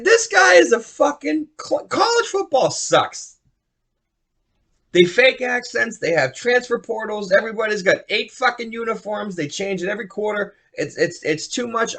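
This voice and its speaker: A young man ranting on his solo podcast in a profane, rambling, excitable way. His voice sits fairly high, with a bright, forceful edge. His pitch swings widely and often. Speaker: podcast host.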